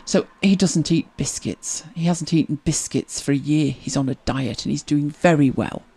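A woman's voice: normal speed, breathy edge. A woman hosting a casual livestream, chatting and telling wry anecdotes as she reads viewer comments. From Britain. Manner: chatty, wry storytelling with lively pitch swings. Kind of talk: casual chat.

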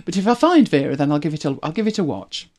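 Lively, chatty host. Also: medium pitch, fast. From United Kingdom. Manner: chatty, rambling, self-correcting, laughs often. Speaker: livestream host. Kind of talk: casual chat to viewers.

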